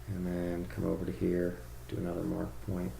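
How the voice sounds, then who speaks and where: Brief: deep-voiced man, gravelly, loose rambling tutorial delivery, roomy recording. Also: monotone, moderate pace, warm tone, slight background noise. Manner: rambling, thinking aloud with fillers. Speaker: drone tuning reviewer. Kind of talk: casual screen-share tutorial.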